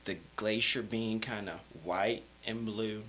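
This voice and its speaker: A man in his thirties from Alabama, a guest telling stories in a casual interview, relaxed and rambling with plenty of fillers. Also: fairly low pitch, takes it slowly, slight background noise, rough recording.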